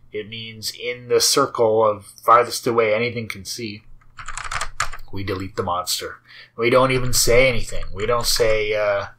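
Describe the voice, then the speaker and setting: Pitched fairly low, a man hosting his own game and source-code series keeps up casual, chatty commentary while playing and reading code. He rambles, uses plenty of fillers, and often laughs softly.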